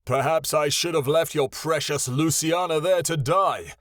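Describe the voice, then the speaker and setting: A man voicing a proud, wounded male dragon who shouts in booming fury. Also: a little slow, no room sound, clean studio sound. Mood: furious.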